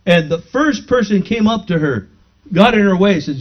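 The pastor's high voice has lively intonation and a normal pace. Preaching a testimony, he tells the congregation a story from his own life with the dialogue acted out, and builds toward ardent praise. The audio is dull and lo-fi.

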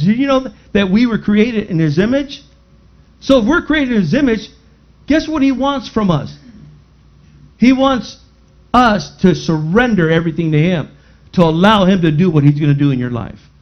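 Casting: male pastor preaching, high voice, dull lo-fi sound, dramatic swings. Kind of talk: sermon.

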